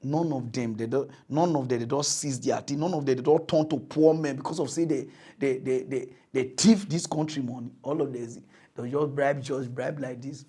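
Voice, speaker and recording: A man speaking Nigerian Pidgin English, hosting a satirical mock news show in an animated rant that swings from mutters to loud outbursts. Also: medium pitch, normal speed, slightly rough. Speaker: comedy news host.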